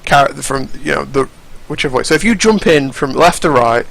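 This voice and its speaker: A man's voice: a little high, animated, normal speed, gravelly, a bit bright, poor audio. A young man giving casual, rambling, profane commentary over fighting game footage, often restarting his sentences.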